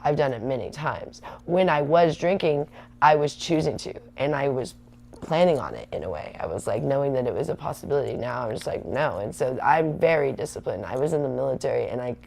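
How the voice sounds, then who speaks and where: A woman's voice: extremely low pitch, expressive, a little fast, vocal fry, a little mellow. A woman in her thirties hosting a livestream, rambling chattily and answering viewer comments. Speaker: livestream host. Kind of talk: casual rambling livestream chat.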